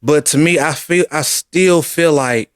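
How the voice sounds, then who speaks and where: A man in casual chat with his wife, earnest and deliberate, slowing down to stress his words. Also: a little high, clear, resonant tone, dry recording, clean studio sound. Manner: earnest, deliberate, speaks slowly for emphasis. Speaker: co-host of a couples channel.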